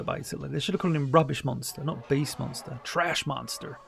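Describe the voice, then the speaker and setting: A man's voice: mid-range voice, brisk, vocal fry. A middle-aged man giving a casual, chatty commentary over an old cartoon, wry and mock-dismissive. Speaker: commentary host.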